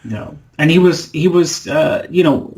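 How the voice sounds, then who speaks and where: A man's voice: fairly high pitch, measured pace, a little mellow. A man co-hosting a radio talk show, pressing his points and repeating himself in casual chat. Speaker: radio co-host.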